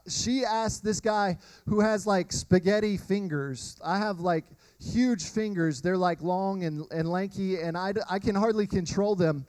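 A man, preaching a sermon and telling animated personal stories to the congregation. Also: sits high, clear, resonant tone, dry recording, rough recording. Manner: animated storytelling, addresses crowd as y'all. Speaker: pastor.

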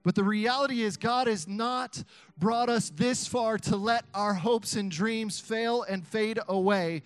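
A young man preaching an energetic sermon to a youth crowd, chanting call-and-response lines and laughing between points. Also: high voice, unhurried, clean tone, no echo. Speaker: youth pastor.

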